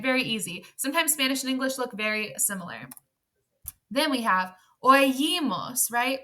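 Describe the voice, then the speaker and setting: Upbeat bright-voiced woman teacher. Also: a little high. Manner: upbeat, chatty, asks "right?" often. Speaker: Spanish teacher. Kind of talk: video lesson.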